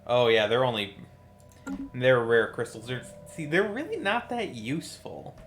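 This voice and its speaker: A man streaming a strategy game, thinking aloud in a tired, low-key way with wry asides. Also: very animated, measured pace, a bit bright, a little hiss or hum. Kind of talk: casual live-stream commentary.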